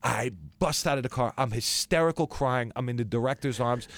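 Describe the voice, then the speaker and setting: A young man, a guest actor, telling stories in a casual podcast chat, acting out quotes with big jumps in pitch. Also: a little fast, hardly any pauses, no echo. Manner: animated storyteller who acts out quotes with big pitch jumps.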